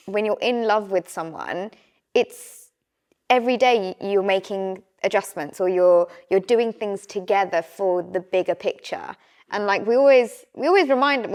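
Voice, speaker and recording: A young woman, a podcast guest chatting casually and acting out little exchanges as she tells stories. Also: medium pitch. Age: young adult. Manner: animated storyteller who acts out quoted exchanges. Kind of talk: casual chat.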